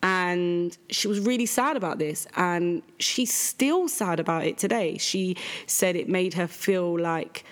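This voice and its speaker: Candid woman telling a family story. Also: measured pace. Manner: candid and animated, pitch jumps when quoting others. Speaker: podcast host. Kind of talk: casual storytelling monologue.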